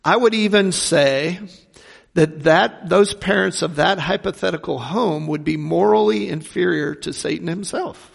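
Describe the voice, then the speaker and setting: A man preaching a sermon, asking rhetorical questions and swinging between loud and hushed delivery. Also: high-pitched, unhurried, creaky, husky, big-room sound.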